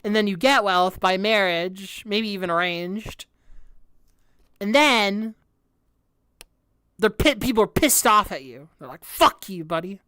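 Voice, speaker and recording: Smooth-voiced young woman streamer. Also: medium pitch, animated, a little slow, long pauses, a bit bright, dry recording. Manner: thinks aloud, hesitant restarts, frequent laughs, swears. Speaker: streamer reacting to an album. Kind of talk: casual reaction stream, reading lyrics aloud.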